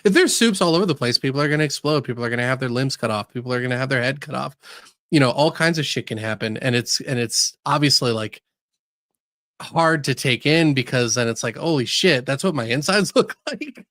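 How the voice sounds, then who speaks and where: A man with a mid-pitched voice trades casual, teasing banter on a podcast, dropping swear words offhandedly. He sounds close to the mic in a dry space, with no room echo. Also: brisk, fairly bright tone. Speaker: podcast co-host. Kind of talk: casual chat.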